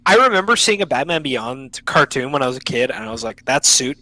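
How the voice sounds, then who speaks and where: A man's voice: medium pitch, big pitch swings, fast talker, bright, forceful tone, no room sound, poor audio. A young man hosting a casual podcast chat over an online call, enthusiastic and slangy, often cutting himself off mid-sentence. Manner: enthusiastic, slangy, self-interrupting. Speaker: podcast host.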